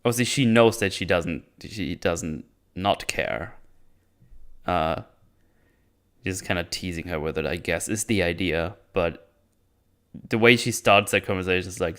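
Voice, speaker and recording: Sarcastic low-voiced man recapping. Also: measured pace, pauses often, fairly bright tone. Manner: blunt and sarcastic, swears, restarts often. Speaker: YouTube show host. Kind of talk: casual episode recap.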